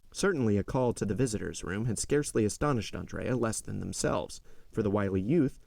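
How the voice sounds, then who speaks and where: A man narrating a classic novel aloud in a measured storytelling manner. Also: on the low side, creaky, darkish tone, no echo. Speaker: audiobook narrator.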